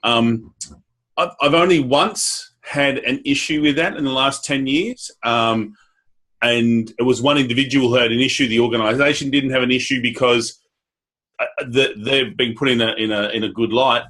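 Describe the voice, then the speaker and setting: A man with an Australian accent asking a thoughtful question in a workshop, speaking in a measured way. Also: mid-range voice, a bit bright. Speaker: audience member asking a question.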